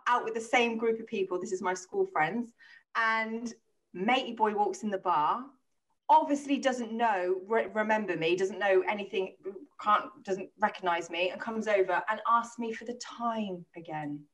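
A woman's voice: mid-range voice, moderate pace, far from the mic. Woman telling a story, a bit off-mic. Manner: swearing, anecdotal, animated retelling with quoted voices. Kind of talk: casual storytelling chat.

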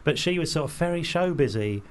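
A man's voice: a little high, lively intonation, brisk. A man hosting a podcast, chatting casually and acting out voices in his anecdotes. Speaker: podcast host. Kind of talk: casual chat.

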